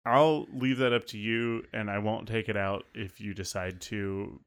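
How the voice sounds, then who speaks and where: A man's voice: on the low side, fairly even intonation, measured pace, smooth. A man in casual podcast chat, rambling and filling with "like". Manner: rambling, says "like" constantly. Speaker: podcast co-host.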